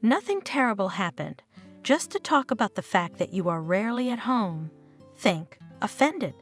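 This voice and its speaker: A woman reading the part of a calm, smooth-talking young wife. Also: mid-range voice, normal speed, faint music behind, natural voice. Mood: placating. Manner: soft, placating.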